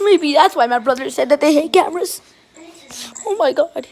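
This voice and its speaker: A woman chatting excitedly while filming her playful puppies, often gasping and exclaiming. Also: sits high, a little slow, long pauses. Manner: excitable, shrieks and gasps, keeps exclaiming. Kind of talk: casual excited commentary.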